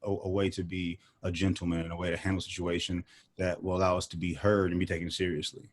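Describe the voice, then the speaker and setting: A man in a casual discussion, speaking in an earnest, measured way with many fillers. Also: low-pitched, little pitch movement, slight background noise.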